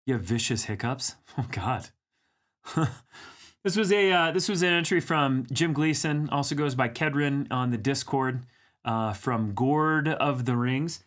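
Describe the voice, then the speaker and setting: Male livestream host, mid-pitch, loose and chatty, teasing chat readers. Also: unhurried, a bit bright. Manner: chatty, reads viewer comments aloud, teasing. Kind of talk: casual live-chat banter.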